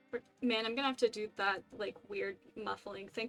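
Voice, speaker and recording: A woman's voice: mid-range voice, steady tone, moderate pace, hardly any pauses, a bit bright, faint music behind. A woman streaming a video game, chatting casually and with self-amused asides. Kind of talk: casual let's-play commentary.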